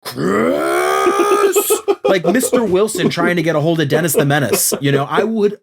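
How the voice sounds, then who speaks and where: A man's voice: on the high side, lively intonation, a little fast. A man hosting a podcast in casual chat, emphatic and acting out the quotes in his stories. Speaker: podcast host.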